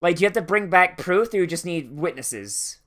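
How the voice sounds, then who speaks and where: A man's voice: high-pitched, lively intonation, normal speed, a bit bright. Man swearing casually while reacting to anime. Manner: rambling, sweary, sarcastic.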